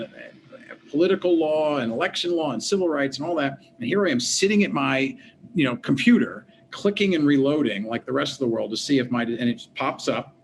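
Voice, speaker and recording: A man, a former politician and law professor, recounting events as an interview guest in a lively storytelling manner, acting out the dialogue he quotes. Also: on the high side, gravelly, a little hiss or hum. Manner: animated, acts out quoted dialogue. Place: home office at a desk.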